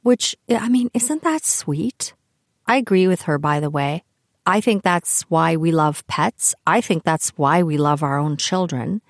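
A woman's voice: a little slow, dry recording, studio quality. Chatty older woman hosting a podcast. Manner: chatty and animated, with swings in pitch. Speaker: podcast host. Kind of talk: casual solo podcast monologue.

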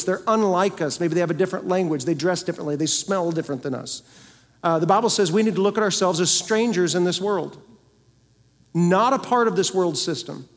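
A male pastor preaching a sermon emphatically, asking the congregation rhetorical questions and swinging between loud and soft. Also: high-pitched. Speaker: senior pastor. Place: church sanctuary. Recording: long church hall reverb.

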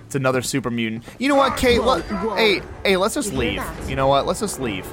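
Excitable man calling his own gameplay. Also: medium pitch, brisk, music in the background. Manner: excitable, narrates his every move aloud. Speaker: podcast host. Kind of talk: video game play-by-play commentary.

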